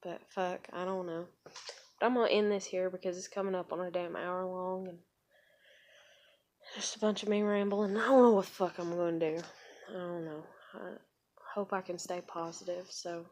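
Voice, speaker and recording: A woman, telling a personal story in a rambling, profane vlog, dropping to quiet asides and rising to loud outbursts. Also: on the low side, little pitch movement, normal speed, a little hiss or hum. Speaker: vlogger.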